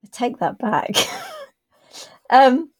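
A woman co-hosting a podcast in casual chat, talking through a TV episode in thoughtful, drawn-out explanations with a dry, self-deprecating humor. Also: on the high side, animated, a little mellow. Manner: thoughtful, explains her views at length. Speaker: podcast co-host.

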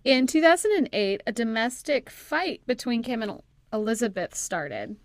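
A woman reads a true crime story between bouts of laughing, teasing and swearing banter. Her voice is a bit high and sounds dry and close, with no room around it. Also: sing-song, normal speed, no room sound. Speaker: podcast co-host.

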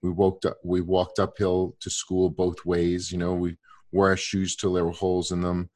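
A man's voice: low voice, completely flat delivery, moderate pace, a little mellow. A man in his sixties in casual conversation, rambling with many restarts and fillers.

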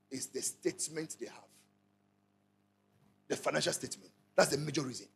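This Ghanaian-accented pastor has a fairly high, creaky and slightly rough voice. He preaches emphatically, repeating lines over and over and calling out to his congregation in a call-and-response rhythm.

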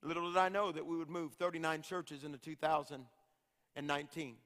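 Impassioned preacher in an echoing hall. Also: male voice, on the high side, little pitch movement, brisk, fairly bright tone. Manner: impassioned, rhythmic repetition. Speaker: evangelist. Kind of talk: revival sermon. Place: large church hall. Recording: long hall reverb.

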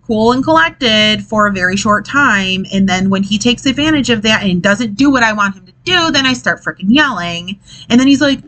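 A woman's voice: mid-range voice, pushed and bright, poor audio. A woman hosting a casual podcast, a mother talking in an exasperated, chatty way and swearing now and then. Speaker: podcast host, parent. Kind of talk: casual monologue. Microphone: desk mic, hits it while gesturing.

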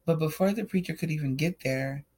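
A man's voice: fairly high pitch, a little fast, a little mellow, slight background noise. A young adult man casually telling a personal story, candid and emotional, speaking in loose run-on sentences. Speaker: storyteller sharing a personal testimony.

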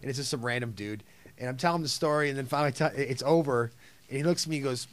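A man on a podcast telling a story in an excitable way, swearing and acting out what people said. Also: mid-range voice, fast. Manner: excitable, profane, acts out quotes. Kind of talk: animated storytelling in casual chat.

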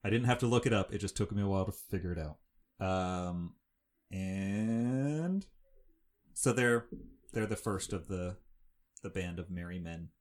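Brief: low-voiced male podcast co-host, loose and rambling, lots of ums. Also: a little slow, long pauses. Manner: rambling, with many fillers and restarts. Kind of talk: casual chat recapping a film.

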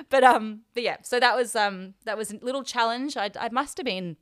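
A woman's voice: medium pitch, fast talker, no echo, studio quality. A young Australian woman hosting a podcast, telling a personal story in a chatty, emotional way and acting out the people in it. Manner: chatty, emotional, quotes herself and others in lively voices. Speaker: podcast host. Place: hotel room.

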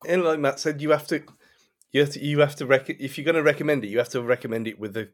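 A man's voice: a little high, steady tone, quick pace. Male co-host, chatty, laughs a lot, casual review chat. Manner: laughs often, loose and chatty. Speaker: podcast co-host.

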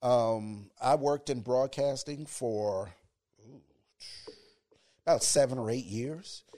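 A man in his fifties with a deep radio voice, speaking reflectively as a college educator in a relaxed interview. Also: slow.

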